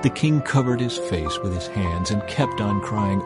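A man narrating a Bible passage in a measured, solemn reading style. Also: on the low side, animated, music in the background. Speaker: Bible reader. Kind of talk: scripted narration.

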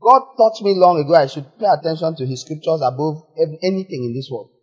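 A man preaching a sermon in a church, animated, moving from quiet asides to loud exclamations. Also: fairly high pitch, quick pace, slightly rough. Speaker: pastor. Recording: echoey hall, slightly dull sound.

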